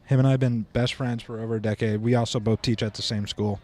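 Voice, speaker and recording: A man's voice: mid-range voice, fast talker. A middle-aged American man, a drummer guest, telling stories in a casual chat and laughing often. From United States. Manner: animated storyteller, laughs often.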